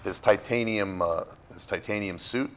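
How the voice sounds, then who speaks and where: A man's voice: lowish voice, normal speed, slight background noise. A man from Florida, an actor being interviewed, talking in a loose, rambling way with fillers and restarts. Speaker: actor, guest. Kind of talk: casual interview.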